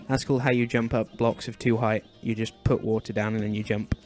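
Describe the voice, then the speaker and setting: A young man hosting a gaming video, chatting casually as he plays and fussing anxiously, with sudden high shrieks of alarm. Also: level tone, brisk, darkish tone, soft background music. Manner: chatty, fretful and doting, often bursting into high shrieks. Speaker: gaming channel host. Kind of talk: Minecraft let's play commentary.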